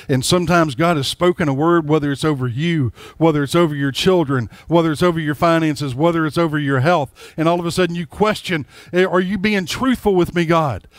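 A man's voice: a little high, no echo. A man preaching a sermon as a pastor, folksy and emphatic, speaking straight to his congregation.

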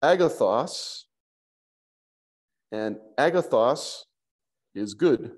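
A man teaches a language class at a slow, unhurried pace. He is patient and thinks aloud, with many fillers as he works through each word. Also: medium pitch, darkish tone. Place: church classroom.

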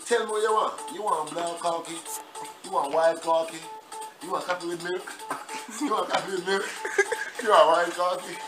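A man's voice: high voice, moderate pace. A man, a dancehall deejay chanting repetitive, half-sung patois lines in a freestyle over a beat in a recording studio. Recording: echoey, far from the mic, loud music. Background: loud music.

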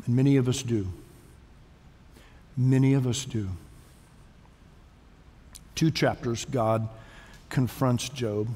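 A man's voice: mid-range voice, steady tone, takes it slowly, long pauses, mellow, in a large hall. A male pastor preaching a sermon in a church sanctuary, talking conversationally and repeating words as he thinks. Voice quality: self-described weak voice.

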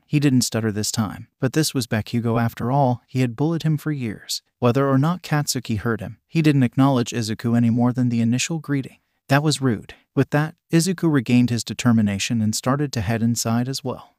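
A man narrating a fan fiction story in a steady, plain reading voice. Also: medium pitch, brisk, hardly any pauses, no echo, clean studio sound.

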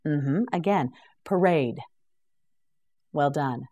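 A woman leads a slow pronunciation drill for beginners, repeating each word with care and giving calm praise. Her voice sits on the low side, and her pace is very unhurried. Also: muffled recording. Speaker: English vocabulary teacher.

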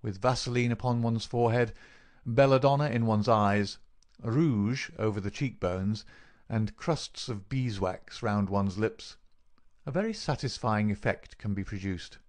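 A man voicing a clever, calm detective who explains his plans in a measured, dry way. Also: fairly low pitch, lightly acted. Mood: explaining.

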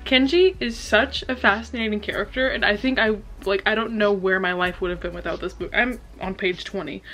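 A woman's voice: mid-range voice, fairly quick, fairly bright tone, soft background music, poor audio. A young woman vlogging her live reactions to a book, gasping, shrieking and swearing freely, recorded on a camera at home. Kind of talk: casual reading reaction vlog. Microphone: camera on a stand.

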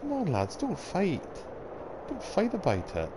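A man's voice: sits high, wildly swooping pitch, a little slow, voice pushed up, exaggerated voice. A man voicing a fussy Scottish docking controller with a put-on Scottish accent, pleading and scolding. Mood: indignant. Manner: pleading, scolding, rising indignation. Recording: noisy game audio behind.

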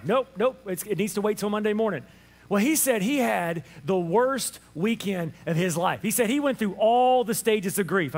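A man preaching an Easter sermon as pastor, animated in his storytelling and acting out the voices of people in his stories. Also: sits high, fairly quick. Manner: animated storytelling, acts out dialogue.

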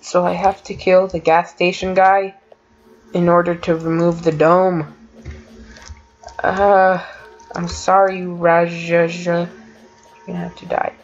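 A woman giving let's play commentary, excitable and quick to exclaim. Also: fairly low pitch, lo-fi sound. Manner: exclaims often, giggly and excitable. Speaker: gamer playing an adventure map.

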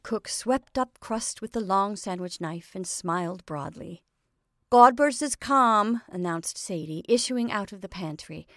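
A woman storyteller reading a classic short story aloud in a measured narration. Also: on the low side, no echo, clean studio sound.

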